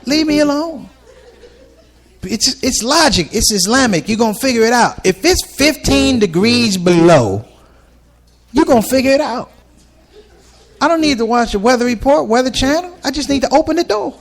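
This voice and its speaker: Very high-pitched and animated, a comedian delivers his stand-up set at a normal speed on a ballroom stage. He tells lively stories to the live audience and impersonates the people who appear in them.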